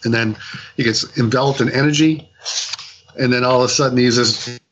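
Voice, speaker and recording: A man in mid pitch chatting casually as a podcast co-host. He recaps a story in a loose, rambling way, with plenty of fillers and restarts. He slips into lively little voices when quoting people. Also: a little fast, highs cut off, background noise. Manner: rambling retelling full of fillers and quoted dialogue. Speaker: podcast co-host reviewing comics. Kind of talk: casual chat.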